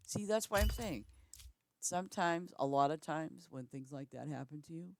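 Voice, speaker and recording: A woman's voice: deep voice, animated, normal speed, a little mellow, slight background noise. A middle-aged woman chatting on a live stream from home, blunt and matter-of-fact, often restarting her sentences. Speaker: game streamer. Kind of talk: casual chat on a live stream.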